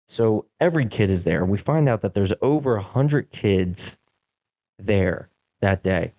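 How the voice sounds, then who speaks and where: A young man hosting a podcast, telling a casual story in an animated way, with lots of "like" fillers. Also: lowish voice, unhurried, highs cut off. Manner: animated, acts out quotes, many "like" fillers. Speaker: podcast host.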